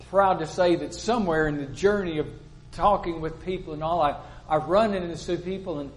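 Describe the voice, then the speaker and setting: A man's voice: a little high, a little mellow, rough recording. An older man preaching a sermon in a plain-spoken, storytelling way, acting out the people he quotes.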